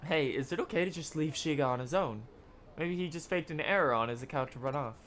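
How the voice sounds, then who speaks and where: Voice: mid-range voice, fast talker, a bit bright, a little hiss or hum. A streamer reading every character's dialogue from a video game aloud during a live playthrough, with laughing asides in between.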